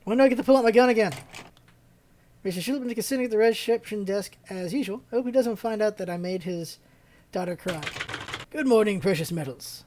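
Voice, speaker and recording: A woman's voice: medium pitch, quick pace, a little mellow, a little hiss or hum. A woman hosting a let's-play, reading a visual novel's first-person narration with asides.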